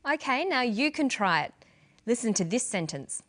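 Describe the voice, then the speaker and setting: A woman presenting a scripted English lesson, speaking clearly and carefully as a teacher. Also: on the high side, sing-song, normal speed, fairly bright tone. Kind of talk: scripted instructional narration.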